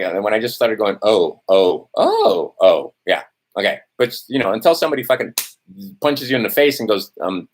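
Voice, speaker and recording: A man ranting to camera, swearing often, tossing in "right?" and losing his place in his notes. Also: a little high. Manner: profane, testy, repeats "right?". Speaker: vlogger. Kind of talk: heated ranting monologue to camera.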